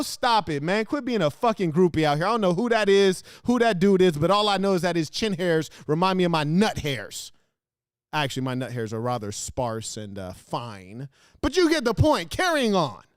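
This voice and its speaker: Clean in tone and sitting high, the host's voice carries no room sound as he tears into video clips in his studio. His reactions are brash and mocking, full of crude insults and sudden laughs.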